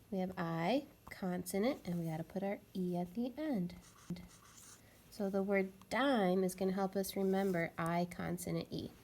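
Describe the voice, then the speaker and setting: Woman, phonics teacher, slow, patient, slightly gravelly, sounding out letters. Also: medium pitch, darkish tone. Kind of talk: phonics lesson for young children.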